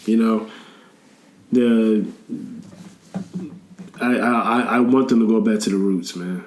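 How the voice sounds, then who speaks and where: A man chatting casually as a podcast guest, animated and laughing often as he tells stories. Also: on the low side, slow, slight background noise. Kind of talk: casual chat. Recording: echoey room.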